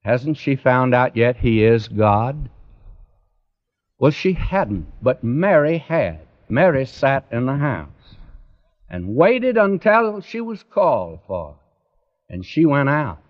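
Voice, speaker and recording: A man's voice: medium pitch, very animated, slow. Male preacher, earnest, direct address, dull lo-fi recording. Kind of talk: radio Bible sermon.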